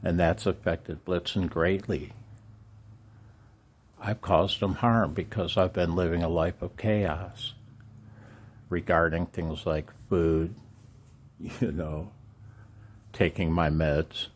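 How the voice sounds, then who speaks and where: Slow, deep-voiced older man, emotional. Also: steady tone. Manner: earnest, halting, with rueful laughs. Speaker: amateur radio vlogger. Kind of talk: candid personal vlog.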